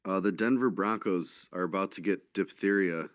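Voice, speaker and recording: A man chatting casually about sports bets in a laid-back manner, making deadpan jokes. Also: low-pitched, normal speed, no echo. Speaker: podcast guest. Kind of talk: casual sports betting chat.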